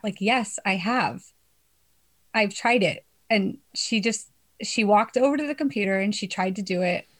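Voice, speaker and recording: Young woman ranting about work to friends, swears a lot, laughs a lot, casual. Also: medium pitch. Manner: swearing, laughing, animated storytelling. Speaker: storyteller among friends. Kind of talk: casual chat.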